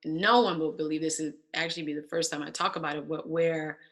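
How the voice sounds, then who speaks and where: A woman guest telling a personal story in casual conversation, animated and acting out quoted voices. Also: deep voice, fast talker. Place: church stage.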